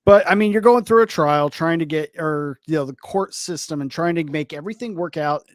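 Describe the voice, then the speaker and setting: A man's voice: fairly high pitch, a little fast, dry recording. A man co-hosting a podcast, explaining his reasoning in a rambling way. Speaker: podcast co-host. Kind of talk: casual commentary chat.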